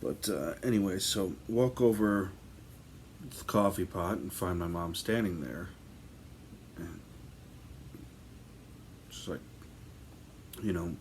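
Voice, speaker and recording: Man, deep voice, slow delivery; casual first-person ghost storyteller, loose and rambling. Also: a little hiss or hum. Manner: rambling, filler-heavy, conversational.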